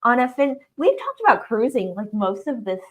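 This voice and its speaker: A woman co-hosting a relaxed livestream who chats and giggles easily. Her voice sits a little high and moves around a lot, bouncing up and down as she talks. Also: normal speed. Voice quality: lively and giggly, laughs often. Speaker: livestream co-host. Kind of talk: casual chat.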